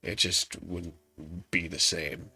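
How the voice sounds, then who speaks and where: A congested young gaming YouTuber chats offhandedly over gameplay, rambling and putting himself down. His low, husky voice has vocal fry and a sharp tone, with a level delivery he takes slowly. He records on a laptop setup.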